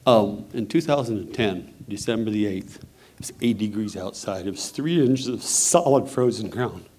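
A man's voice: on the low side, lively intonation, normal speed. Hesitant man sharing a church testimony. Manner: hesitant, soft-spoken. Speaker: church member giving testimony. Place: church sanctuary.

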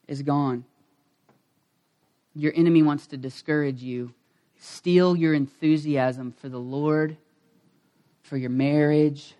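A man's voice: a little high, mellow. A middle-aged male pastor giving a conversational sermon, acting out quoted voices and asides to the congregation.

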